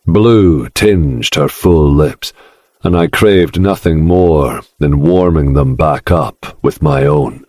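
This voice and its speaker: A man with an extremely deep voice narrates in a slow, brooding first-person style. His tone is husky, and the recording is dry and close. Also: dry recording. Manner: slow, brooding, dark delivery. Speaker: audiobook narrator.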